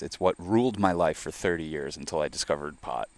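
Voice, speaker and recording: A man hosting a podcast, chatting casually in a rambling, profane, animated storytelling way. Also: rumbling low, brisk, gravelly. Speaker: podcast host. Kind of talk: casual chat.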